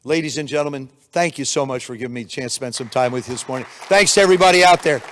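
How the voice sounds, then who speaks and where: An older man giving a motivational keynote speech, energetic storytelling with acted-out quotes, in a conference room on a handheld mic. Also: mid-range voice, rapid-fire, slight background noise. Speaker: keynote speaker. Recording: long reverb of a hall.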